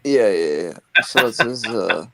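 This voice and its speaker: A man co-hosting a podcast in casual chat, talking haltingly with many fillers. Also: fairly low pitch, animated, gravelly, sharp tone, dry recording. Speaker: podcast co-host. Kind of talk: casual chat, reading a flyer aloud.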